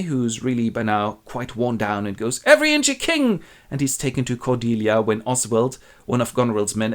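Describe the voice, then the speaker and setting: A man hosting and narrating a comic retelling of a classic play, with wry, deadpan asides. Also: mid-range voice. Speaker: host and narrator.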